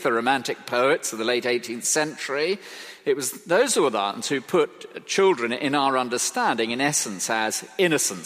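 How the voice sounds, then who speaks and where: Man, preacher, lively animated delivery, long echo of a large hall. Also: medium pitch. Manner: expressive, rhetorical questions, emphatic. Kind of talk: sermon. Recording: reverberant hall.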